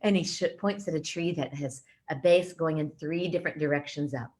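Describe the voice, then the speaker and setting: She's a middle-aged woman co-hosting a radio chat, with a voice that sits a little low. She tells rambling everyday stories and laughs easily as she goes. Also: a little fast, a little mellow. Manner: chatty storytelling, laughs often. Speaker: radio co-host. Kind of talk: casual chat.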